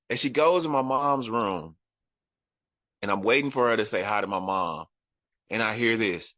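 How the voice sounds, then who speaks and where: A man from Dallas tells his recovery story to a meeting. His voice is bright and forceful, and the sound is close and dry. He talks in an animated way and leans on "you know" throughout. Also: lowish voice, normal speed, pauses often, dry recording. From Dallas, Texas. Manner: frequent fillers like "you know". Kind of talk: personal recovery share.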